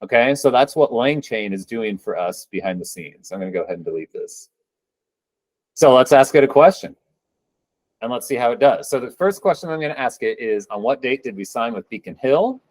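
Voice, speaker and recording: Male presenter, mid-pitched voice, dry close sound; relaxed, upbeat live demo with joking asides. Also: a little fast, dry recording, rough recording. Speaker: presenter at a programming meetup.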